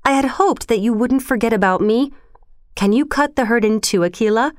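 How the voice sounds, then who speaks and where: A woman's voice: fairly high pitch, moderate pace, no room sound, clean studio sound, pitched above the performer's own voice, lightly acted. A woman voicing a bold jungle boy who commands wolves, calling out urgent orders in a raised voice. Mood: commanding.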